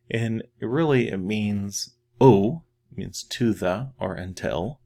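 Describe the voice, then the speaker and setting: A middle-aged man teaching a French lesson, patiently repeating each phrase slowly and more loudly so learners can practice. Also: fairly low pitch, vocal fry. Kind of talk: slow spoken language lesson.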